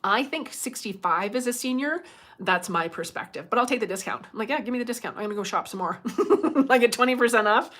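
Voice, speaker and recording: A woman's voice: on the high side, lively intonation, brisk, a bit bright. A middle-aged woman from Canada chatting on her own livestream as a medium. She chats freely, acts out what other people said and laughs often. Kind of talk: casual livestream chat.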